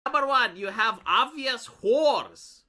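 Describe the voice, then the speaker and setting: A man's voice: extremely high pitch, expressive, slow pace, bright, forceful tone. A man giving casual, profane opinion commentary in a clip, rambling with fillers. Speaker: commentator in a played video.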